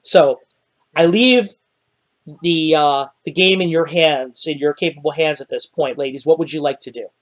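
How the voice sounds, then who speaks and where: A man's voice: on the high side, moderate pace. A man narrating a tabletop game as dungeon master, rambling with many fillers.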